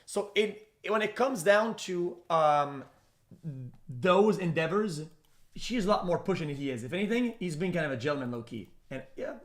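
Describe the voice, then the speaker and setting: A man's voice: sits high, animated, normal speed. A young man reacting live on stream, talking in a rambling, profane way with lots of stammers and restarts.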